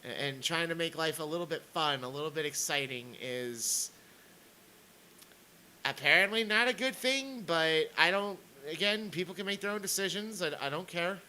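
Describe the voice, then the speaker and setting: A man's voice: a little high, normal speed, pushed and bright, a little hiss or hum, rough recording. A man streaming a sarcastic rant, stammering and repeating words as he comments on clips.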